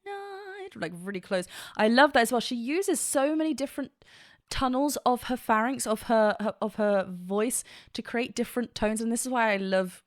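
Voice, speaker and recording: A woman's voice: a little high, moderate pace, dry recording, clean studio sound. A woman vocal coach giving an enthusiastic, technical reaction and analysis, with frequent fillers.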